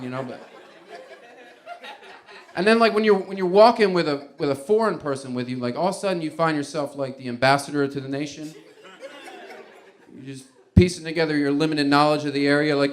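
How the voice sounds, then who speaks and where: A man's voice: a little high, a little fast. A man doing stand-up, telling a long, rambling story and chuckling as he restarts his sentences. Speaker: stand-up comedian.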